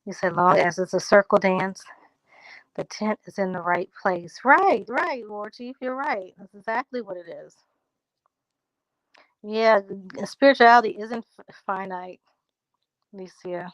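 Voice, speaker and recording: A woman hosting a casual livestream, reading out viewer comments and answering them in a relaxed, drawling country way. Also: mid-range voice, measured pace, long pauses, no echo, rough recording.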